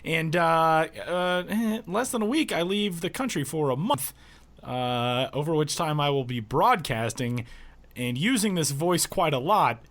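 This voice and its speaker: A man with a hoarse, cold-roughened voice co-hosting a podcast at home, rambling and joking with plenty of fillers. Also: a little high, expressive, a little slow, fairly bright tone. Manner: rambling and self-deprecating, many fillers. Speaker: podcast co-host. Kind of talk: casual podcast chat.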